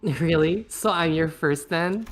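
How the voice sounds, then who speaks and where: A woman's voice: low-pitched, slow pace, soft background music. A woman voicing a chipper, clingy young valley-girl woman in a casual group reading of game dialogue. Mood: fawning. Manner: bubbly, fawning.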